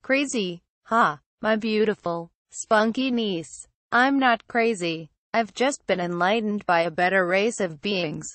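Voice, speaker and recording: A woman's voice: medium pitch, a little slow, hardly any pauses, a bit bright, no room sound, natural voice. A woman voices a deranged man who sneers and gloats, sure of his own greatness. The taunting comes out cold and mocking. The sound is dry and close, with no room. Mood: gloating. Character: smug deranged male villain uncle.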